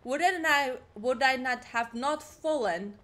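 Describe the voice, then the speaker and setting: Young woman gamer chatting while she plays, high voice, jumpy and kinda self-mocking, bit of faint noise. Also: slow, fairly bright tone. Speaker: gaming streamer. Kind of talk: casual let's-play commentary.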